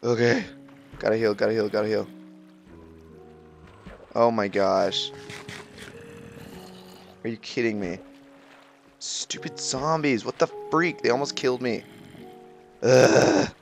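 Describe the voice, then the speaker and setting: A teenage boy giving casual, excitable commentary while playing a video game, grumbling and exclaiming at what happens. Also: mid-range voice, takes it slowly, vocal fry, long pauses, soft background music. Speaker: gaming video creator.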